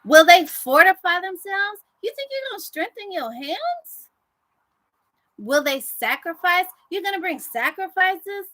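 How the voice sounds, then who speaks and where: A woman voicing a scornful male enemy spirit who taunts with rapid-fire questions. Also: very high voice, very animated, fairly bright tone, pitched above the performer's own voice, exaggerated voice.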